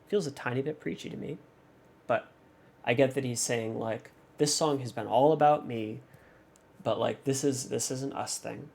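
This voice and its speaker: Gravelly-voiced man musing through analysis. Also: mid-range voice, normal speed, a little mellow, a little hiss or hum. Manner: thoughtful, hesitant, many fillers and restarts. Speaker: music reaction channel host. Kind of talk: unscripted song analysis.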